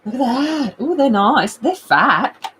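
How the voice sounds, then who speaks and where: An Australian woman hosting an art livestream, chatting casually with her viewers, rambling and breaking into excited outbursts. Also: high-pitched, slow pace, slight background noise, poor audio.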